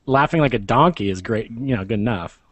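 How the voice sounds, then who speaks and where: A man co-hosting a podcast in casual chat, enthusiastic and quick to agree. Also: medium pitch, animated, fairly bright tone, dry recording. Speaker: podcast co-host.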